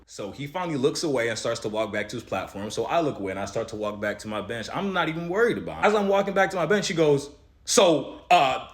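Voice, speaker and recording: Fast, animated man telling a story. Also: medium pitch. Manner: animated, conversational storytelling with advice to listeners. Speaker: spiritual motivational speaker. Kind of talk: motivational storytelling monologue.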